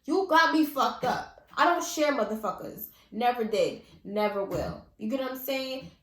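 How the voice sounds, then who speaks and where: Profane, animated young New woman. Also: a little high, moderate pace, reverberant. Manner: animated, blunt and profane, heavy slang. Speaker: vlogger telling a personal story. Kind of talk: casual storytime vlog.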